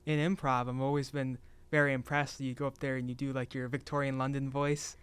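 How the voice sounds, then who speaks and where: Young male podcast host; mid-pitched, smooth; relaxed and encouraging. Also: a little fast, no room sound. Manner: relaxed, encouraging, with frequent murmured agreement. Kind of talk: casual interview chat.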